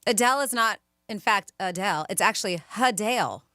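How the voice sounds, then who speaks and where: A woman's voice: medium pitch, quick pace, pushed and bright, no room sound, studio quality. A woman co-hosting a radio show, chatting casually and reading out celebrity news with a laugh.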